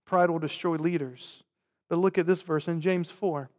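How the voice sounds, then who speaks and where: A man with a Southern US accent, preaching a sermon to his congregation and swinging between loud emphatic lines and quiet, low asides. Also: steady tone, normal speed. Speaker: pastor. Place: church sanctuary. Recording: long hall reverb.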